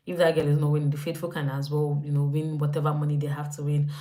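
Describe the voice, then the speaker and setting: A young woman with a Nigerian accent chatting casually on a live stream, animated and acting out her own reactions. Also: low voice, quick pace. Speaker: lifestyle livestreamer.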